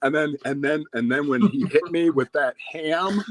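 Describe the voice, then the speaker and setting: A man's voice: moderate pace, dry recording. A man in his thirties, a podcast guest, telling a story in casual chat with lots of swearing. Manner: animated, profane storytelling that gets louder and higher when excited.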